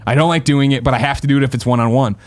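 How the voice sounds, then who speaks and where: A man hosting a podcast, telling a story in animated casual chat and swearing freely. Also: medium pitch, very fast. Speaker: podcast host.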